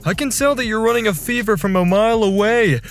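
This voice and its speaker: A man's voice: high voice, a little fast. A man voicing a stern office manager who scolds his staff in a firm, direct way.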